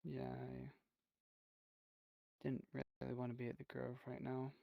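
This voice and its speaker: Quiet gravelly man, slow and flat. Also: medium pitch, dry recording, muffled recording. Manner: quiet, subdued and hesitant. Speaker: fellow player. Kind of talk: in-game role-play chat.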